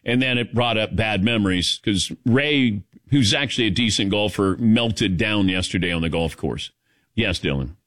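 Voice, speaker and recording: Hosting a talk radio program, a man with a voice on the low side speaks at a moderate pace. He rambles through a story casually and with animation, using many fillers.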